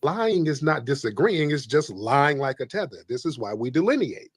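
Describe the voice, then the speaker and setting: A man's voice: mid-range voice, sing-song, normal speed, husky, dry recording. A man hosting a call-in livestream, preachy and emphatic, repeating his points. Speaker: livestream host. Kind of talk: combative call-in livestream talk.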